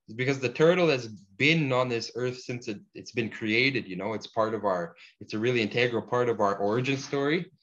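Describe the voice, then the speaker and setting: A man teaching a relaxed language lesson, slowing down to drill words and using casual fillers. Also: mid-range voice. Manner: slow deliberate pronunciation drills, casual fillers. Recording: dull lo-fi sound.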